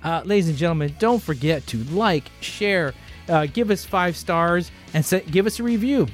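A man hosting a podcast in casual chat, loud, playful and teasing. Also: high voice, expressive, moderate pace, faint music behind. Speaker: podcast host.

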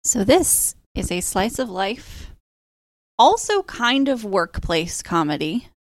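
A woman's voice: mid-range voice, sing-song, slow pace, no room sound. A woman in her thirties co-hosting a podcast, steadily explaining with a wry touch. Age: 30s. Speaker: podcast co-host. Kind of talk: casual chat.

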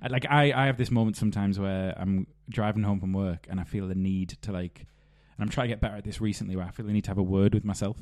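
A man with a lowish, mellow voice co-hosting a casual podcast. He speaks reflectively and thinks aloud as he goes, often restarting his sentences. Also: steady tone, quick pace, few pauses. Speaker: podcast co-host. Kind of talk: casual chat.

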